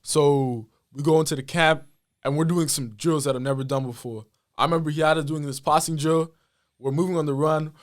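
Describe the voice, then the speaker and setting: A man's voice: a little high, a little fast. Young man telling a story. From Australia. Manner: animated, full of fillers and acted-out quotes. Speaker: podcast guest, basketball player. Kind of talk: casual storytelling.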